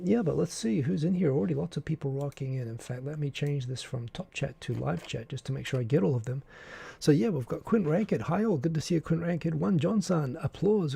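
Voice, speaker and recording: A man's voice: on the high side, gravelly, warm tone, slightly rough, no echo. A man hosting a casual live stream, chatting and greeting viewers by name with frequent fillers.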